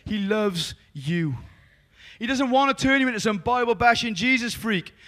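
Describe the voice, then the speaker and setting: Welsh male preacher, high sharp voice, lively and jokey, loud calls then quiet confiding. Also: normal speed. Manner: energetic and joking, swinging from loud calls to soft confiding. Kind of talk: lively evangelistic sermon.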